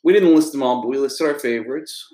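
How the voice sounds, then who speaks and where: A man co-hosting a podcast, casually chatting through a TV episode in a relaxed, rambling way with frequent ums. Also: medium pitch, quick pace. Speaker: podcast co-host. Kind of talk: casual chat reviewing a TV episode. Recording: echoey room.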